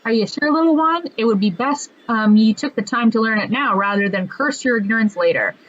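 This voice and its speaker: A woman voicing a gruff, bossy male combat trainer in a rough, old-fashioned put-on accent. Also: a little high, brisk, highs cut off, natural voice. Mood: gruff, pushy.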